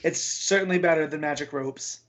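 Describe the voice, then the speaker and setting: A man's voice: fairly high pitch, moderate pace, a bit bright. A man co-hosting a comics podcast, chatting casually and giving blunt, opinionated takes. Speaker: podcast co-host. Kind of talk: casual chat.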